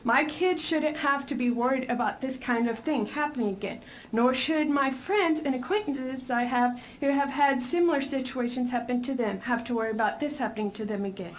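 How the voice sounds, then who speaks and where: Woman, mother giving hearing testimony; firm, deliberate read, slightly high pitch, faint noise. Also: rough recording. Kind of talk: reading prepared testimony.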